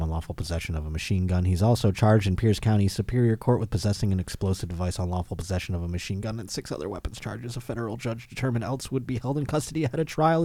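A man's voice: on the low side, mellow, dry recording. A man hosting a casual comedy podcast, reading news items aloud and laughing often between them. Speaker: podcast host.

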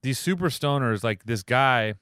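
A man's voice: medium pitch, lively intonation, moderate pace, a bit bright, clear, resonant tone, no room sound, clean studio sound. A man co-hosting a casual podcast, bantering in a loose, joking and profane way. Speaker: podcast co-host. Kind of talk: casual chat.

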